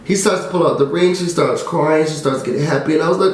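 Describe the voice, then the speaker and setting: A chatty, excitable man with a high voice runs through a TV recap. He fills gaps with "um" and "da, da, da." His voice rings around a bare, echoey room. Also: fast talker, hardly any pauses. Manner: chatty and excitable, drops fillers and "da, da, da". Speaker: TV recap vlogger. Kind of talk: casual recap and review.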